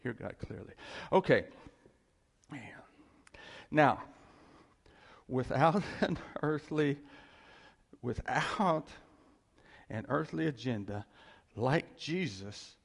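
Animated, gravelly male preacher. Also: medium pitch, drawn-out words, pauses often. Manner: conversational, animated, chuckles often. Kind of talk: sermon.

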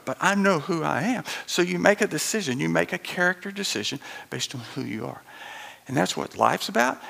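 Lively gravelly preacher man. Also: sits high. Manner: animated storytelling, acting out quoted voices, chuckling asides. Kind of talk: sermon.

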